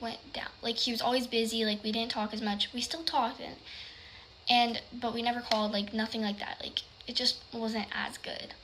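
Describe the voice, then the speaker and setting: A woman telling a personal story in casual chat, rambling with lots of "like" and sometimes dropping to a hushed whisper. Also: fairly high pitch, noisy background. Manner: rambling, heavy use of "like".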